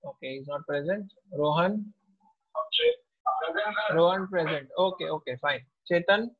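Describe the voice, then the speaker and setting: A man, a teacher taking attendance in an online class in a slow, unhurried way. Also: on the high side. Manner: slow, unhurried roll call. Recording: tinny, phone-like audio.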